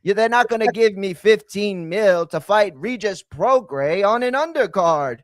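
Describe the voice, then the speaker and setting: A man's voice: sits high, animated, unhurried, no room sound, clean studio sound, voice pushed up. A man voicing a brash young British boxer who doubts what he hears, in an exaggerated mock British accent. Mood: incredulous. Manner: exaggerated slang, incredulous.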